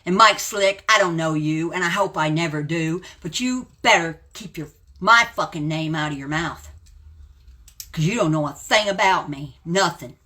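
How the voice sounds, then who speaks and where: Ranting woman in her seventies, bright voice. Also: deep voice, moderate pace. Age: 70s. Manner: blunt, combative ranting and name-calling. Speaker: live-stream host. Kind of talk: ranting live stream.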